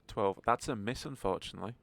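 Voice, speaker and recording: A man's voice: fairly low pitch, quick pace, vocal fry. A man narrating a tabletop game as game master, in a wry, joking manner.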